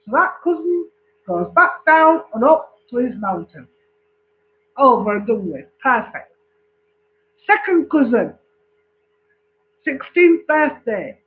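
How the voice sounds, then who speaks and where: A man tells a long joke in a casual, repetitive way and stops to check that his listeners are following. His voice is very high and his pace is slow. The recording sounds thin, like a phone line. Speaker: joke teller.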